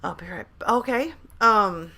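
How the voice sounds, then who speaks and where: A woman's voice: medium pitch, lively intonation, moderate pace, pushed and bright. A woman, chatting casually on a live stream at home, hyper and talkative as she reads out messages from chat. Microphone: desk microphone at a laptop.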